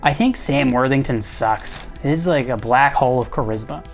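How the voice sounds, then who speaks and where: A man's voice: mid-range voice, moderate pace, gravelly, soft background music. A man hosting a comedy show, ranting sarcastically and rambling while he gets his makeup done. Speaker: host.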